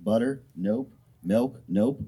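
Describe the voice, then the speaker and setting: A man's voice: takes it slowly, a little hiss or hum. A man doing a stand-up comedy set, telling loose, profane stories. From Oregon. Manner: loose, profane storytelling with lively swings in pitch. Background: audience laughter.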